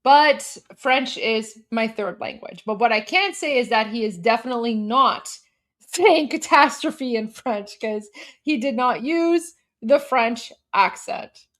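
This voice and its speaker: Mocking woman host with a high voice. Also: slow pace. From Canada. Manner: mocking, scornful and animated; eating while talking. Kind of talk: reaction commentary stream.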